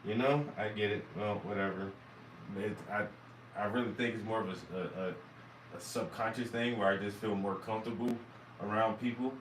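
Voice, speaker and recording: A man's voice: fairly low pitch, steady tone, moderate pace. Southern man from South Carolina, casual and profane, recorded at a distance in an echoey room with faint noise behind. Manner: rambling, profane, self-amused. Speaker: vlogger and musician. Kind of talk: casual talk to camera.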